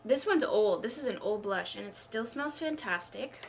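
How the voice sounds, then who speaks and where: Medium in pitch and expressive, her voice moves at a moderate pace with vocal fry, and there's slight background noise. A young beauty vlogger, she chats casually through her makeup routine in get-ready-with-me fashion, congested and struggling slightly to speak, rambling and self-deprecating.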